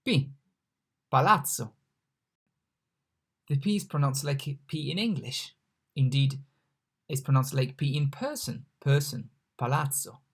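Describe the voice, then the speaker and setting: A language mentor gives a recorded online lesson, patiently and slowly repeating each example word. Her voice is medium-pitched, expressive, a little mellow, and husky.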